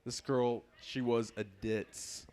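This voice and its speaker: A young man tells his stand-up story slowly and in a dry, deadpan way. He lets each line land before he moves on. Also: mid-range voice. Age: young adult. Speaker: stand-up comedian.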